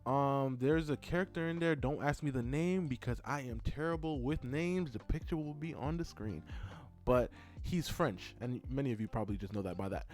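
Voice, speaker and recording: A man chatting casually in a rambling, excitable way while narrating his drawing video. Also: medium pitch, normal speed, soft background music. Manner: rambling, excitable, with many fillers. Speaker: art content creator.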